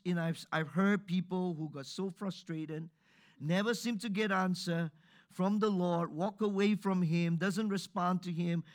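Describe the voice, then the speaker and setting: A man preaching a sermon who repeats his key lines for emphasis and keeps asking the congregation for a response. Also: high-pitched. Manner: call-and-response, emphatic repetition. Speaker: pastor.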